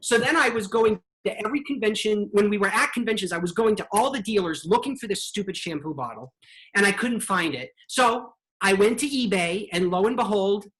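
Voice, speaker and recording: A woman hosting an online show, telling a story in an animated, chatty way. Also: medium pitch, a little fast, poor audio. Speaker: host. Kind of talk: casual storytelling.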